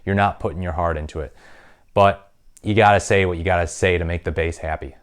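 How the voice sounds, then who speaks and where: A man's voice: deep voice, steady tone, brisk, smooth. A man hosting a political commentary vlog, talking in an opinionated, conversational way with frequent ums. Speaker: political commentary channel host.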